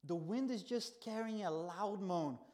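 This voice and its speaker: A man preaching a sermon in a church, telling the story with lively swings between soft, hushed lines and loud exclaims. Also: high-pitched, a little slow. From not from the country where he preaches.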